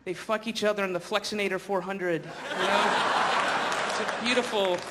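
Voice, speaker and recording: Sardonic stand-up comic on stage. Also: male voice, sits high, little pitch movement, moderate pace. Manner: rambling, sardonic, acts out voices. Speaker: stand-up comedian. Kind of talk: stand-up comedy. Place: theater stage before live audience. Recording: live stage with noisy crowd.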